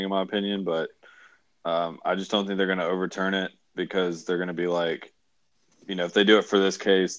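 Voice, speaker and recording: Low-voiced young man, hesitant co-host. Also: no echo. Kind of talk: casual sports chat.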